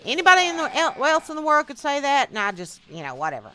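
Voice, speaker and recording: A woman's voice: high voice, sing-song, fast talker, sharp tone, a little hiss or hum. A woman streamer, casually telling folksy childhood stories while she plays a game. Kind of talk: casual storytelling while gaming.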